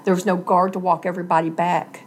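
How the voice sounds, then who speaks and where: A middle-aged woman with a fairly low voice speaks quickly and flatly, with a little hiss or hum in the recording. In an interview, she earnestly tells a personal story and acts out the voices of the people she quotes.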